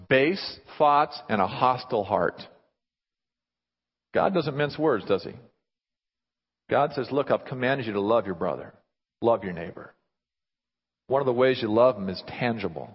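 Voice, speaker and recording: A man preaching a sermon in an animated way, often throwing rhetorical questions at his listeners. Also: mid-range voice, breathy edge. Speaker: pastor. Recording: dull sound with long hall reverb.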